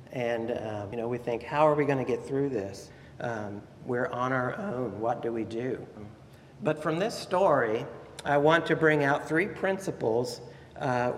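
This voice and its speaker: A man preaching in a long-reverberant church hall, his voice set in mid pitch for a man. He tells the story with lively, animated emphasis and keeps turning to his listeners with questions. A faint murmur of room ambience sits beneath him. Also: a little hiss or hum. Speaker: pastor. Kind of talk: Sunday morning sermon.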